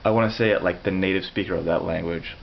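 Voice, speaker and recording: A man with a lowish voice explains things in a casual, rambling way, breaking off and restarting his sentences. The recording is dull and lo-fi, with a faint hiss underneath. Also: steady tone, fast talker, gravelly. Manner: rambling, self-correcting, explanatory. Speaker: language vlogger. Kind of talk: casual talk to camera.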